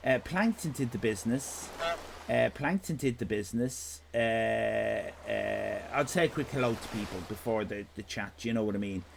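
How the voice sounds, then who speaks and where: A man's voice: fairly low pitch, normal speed, creaky, noisy background. An Irish man hosting a live stream in casual chat, rambling from one tangent to the next with jokes and swearing. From Ireland. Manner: rambling, digressive, sweary, jokey.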